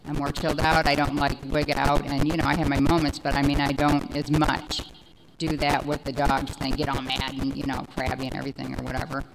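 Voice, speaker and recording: A woman's voice: extremely low pitch, brisk, gravelly, noisy background. Rambling, chatty woman telling a personal story. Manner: rambling, animated storytelling with many fillers. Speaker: speaker sharing recovery story. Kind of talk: personal testimony talk.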